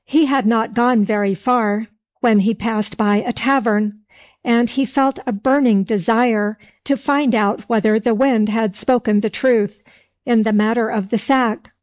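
A woman narrating a folk tale in a slow storybook reading with old-fashioned phrasing. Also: a little high, fairly even intonation, darkish tone.

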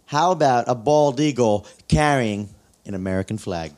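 Casual male co-host, relaxed storyteller who acts out dialogue. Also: medium pitch, normal speed. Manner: laid-back storyteller, acts out customers. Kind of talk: casual podcast chat.

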